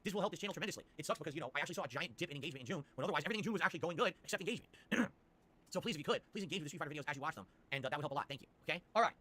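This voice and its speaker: Brief: male streamer host, rapid-fire delivery, bright forceful tone, rambling and profane. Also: on the high side, expressive. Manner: rambling, reads chat and shout-outs, swears. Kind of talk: casual livestream chat.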